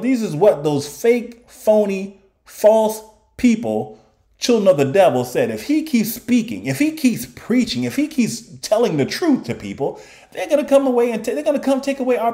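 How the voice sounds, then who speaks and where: A man preaching a sermon in an animated way, often mocking his opponents in put-on voices. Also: high voice.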